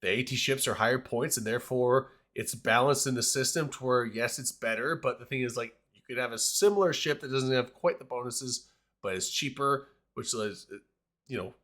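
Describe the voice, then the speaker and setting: A man's voice: medium pitch, moderate pace, a bit bright. A man hosting a casual panel discussion, talking in a hesitant, rambling way with many restarts.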